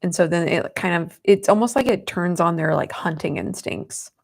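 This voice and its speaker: A woman's voice: fairly low pitch, normal speed, vocal fry. A young woman in her twenties hosting a casual livestream from home, chatting with viewers and reading their comments. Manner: chatty, giggly, coos softly at her cat. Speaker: livestream host.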